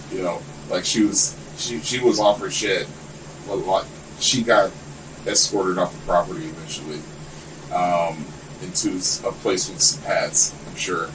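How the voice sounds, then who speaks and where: A man with a fairly low voice spins loose, winding anecdotes, swearing freely as he goes. He sits some way back from the microphone, so the sound is a little distant. A faint air-conditioner hum runs underneath. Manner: rambling, animated storytelling with lots of swearing. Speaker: podcast guest. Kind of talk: casual chat.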